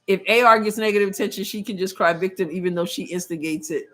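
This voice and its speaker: A woman's voice: medium pitch, fast talker, fairly bright tone. A woman hosting a live game watch-along, chatting opinionatedly, calling plays and reading viewer comments aloud. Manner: play-by-play asides. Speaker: show host.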